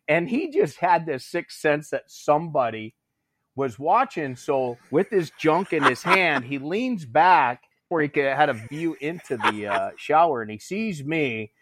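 A middle-aged man telling a story casually, animating the shouted quotes in his tale. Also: mid-range voice, no echo. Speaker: former Marine drill instructor telling a story.

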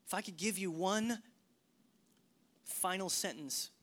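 A middle-aged man delivers a sermon in the manner of a working pastor. His delivery swings from loud, emphatic bursts to hushed, whispered asides. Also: high-pitched, slow pace.

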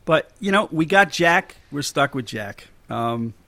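A man's voice: fairly high pitch, animated, unhurried, bright, forceful tone, no room sound. Chatty man, dry close sound. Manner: chatty, laughs often, many fillers and restarts. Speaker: podcast host. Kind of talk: casual movie commentary podcast.

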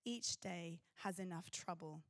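A woman preaching a sermon in an earnest, pausing way. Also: fairly low pitch, no room sound.

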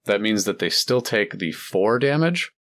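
A man narrating a tabletop role-playing game as dungeon master, explaining rules in a relaxed way with many fillers. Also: fairly low pitch, a little slow.

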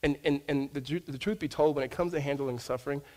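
A man's voice: on the high side, fast talker, a little mellow. A man preaching a sermon to his congregation, telling stories animatedly and often stammering and restarting his words. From United States. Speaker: pastor. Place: church sanctuary.

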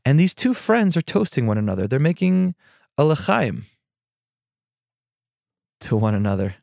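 A man who is a therapist and podcast host, telling a story and reflecting on spiritual practice in a measured, thoughtful way. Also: a little high, very animated, vocal fry, darkish tone, no room sound, clean studio sound.

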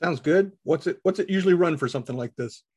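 A man's voice: fairly high pitch, quick pace, mellow, breathy edge. A man playing a tabletop game, joking and speaking for his character. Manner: jokey, laughs often, plays his character. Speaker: player. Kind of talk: casual chat in a tabletop game.

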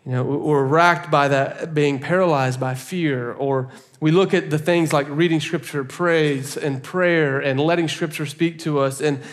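Higher-voiced man preaching a sermon. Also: unhurried. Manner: animated storytelling, often laughing. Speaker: pastor.

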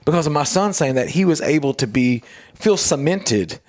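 A man's voice: fairly high pitch, normal speed. A middle-aged man hosting a radio talk show, telling stories in casual chat and acting out quotes in a raised voice. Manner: animated storytelling, acts out quotes in a raised voice.

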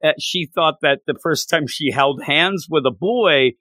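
A man's voice: a little high, a little slow, sharp tone, dry recording. A man in casual chat, enthusiastically retelling story scenes and slipping into acted quotes. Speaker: co-host discussing a manga.

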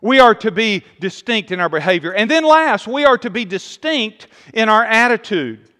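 A man's voice: high voice, lively intonation, normal speed, sharp tone. Emphatic preacher man in a reverberant hall. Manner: emphatic, rising and falling delivery with repeated phrases. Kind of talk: sermon.

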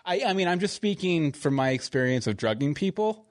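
A man's voice: a little high, sing-song, fairly quick, no room sound, clean studio sound. A man hosting a podcast in casual chat, rambling and chuckling as he corrects himself. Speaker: podcast host.

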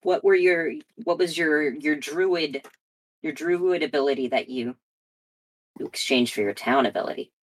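A woman with a lower-than-usual voice, trading jokes and in-game banter at a tabletop session. Her delivery is loose and playful. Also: normal speed, low-quality recording. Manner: playful, joking. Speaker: player. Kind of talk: casual tabletop game chat.

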